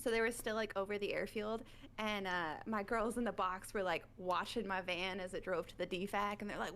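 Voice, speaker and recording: A woman in the military, telling a long, animated story in casual chat over online voice chat. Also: mid-range voice, moderate pace, vocal fry, a little hiss or hum. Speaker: military service member. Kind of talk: casual chat on a game stream.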